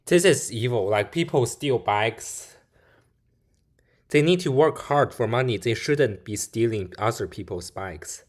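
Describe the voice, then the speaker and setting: A man's voice: medium pitch, lively intonation, unhurried. A man giving casual reaction commentary on a video he watches at his computer, chatting along with frequent filler words. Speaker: YouTube reaction host.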